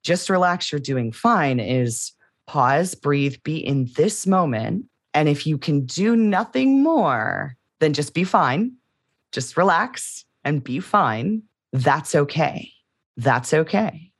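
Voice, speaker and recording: A woman's voice: sits low, animated, slow, husky, dry recording, clean studio sound. A woman co-hosting a podcast, talking candidly and reflectively in casual conversation. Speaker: podcast co-host.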